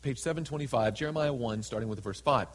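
A man preaching a sermon in a church, reading scripture slowly and dramatically and acting out the people in it. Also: medium pitch, breathy edge. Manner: reads scripture slowly and dramatically, voices characters in asides. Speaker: pastor. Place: church sanctuary. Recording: hall with long reverb.

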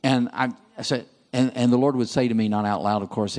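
A man's voice: mid-range voice, a little fast, hardly any pauses. A man preaching at a seminar, reading passages aloud and asking his listeners questions. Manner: lively, asks the audience questions. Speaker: seminar speaker. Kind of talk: sermon.

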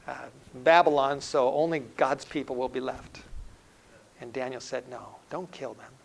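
A middle-aged male preacher giving a sermon in an earnest way, building up loudly and then dropping to a hushed, intimate tone. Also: medium pitch, creaky, slight background noise, low-quality recording. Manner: earnest, swells loud then drops to a hushed tone.

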